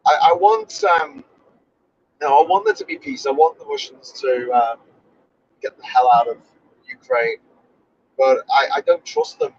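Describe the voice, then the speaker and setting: Husky man, animated chat. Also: high-pitched, unhurried, long pauses, dry recording. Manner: rambling, opinionated, self-correcting. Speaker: podcast host. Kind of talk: casual chat. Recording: dull lo-fi recording.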